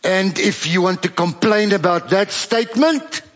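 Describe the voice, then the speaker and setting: A male pastor with a South African accent preaching a sermon, moving between joking banter and quiet, drawn-out emphasis. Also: high-pitched, dull audio. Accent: South African English. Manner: swings from playful banter to hushed, slow emphasis.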